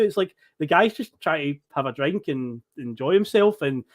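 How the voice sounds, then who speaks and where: A man's voice: fairly high pitch, fairly quick, hardly any pauses. Scottish man in his thirties telling stories. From Scotland. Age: 30s. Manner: rambling anecdotes, laughs often, acts out quotes. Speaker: podcast guest storyteller. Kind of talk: casual podcast chat.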